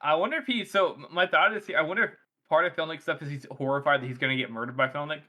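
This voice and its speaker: A man co-hosting a casual book podcast, giving animated analysis. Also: on the high side, racing. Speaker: podcast co-host. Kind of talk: casual book-discussion chat.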